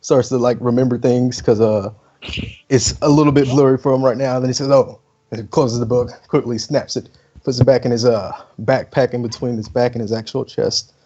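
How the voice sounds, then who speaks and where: A man's voice: mid-range voice, fairly even intonation, a little fast, warm tone. A man running a tabletop game as game master, narrating in a loose, rambling way full of fillers. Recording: muffled lo-fi stream with faint music.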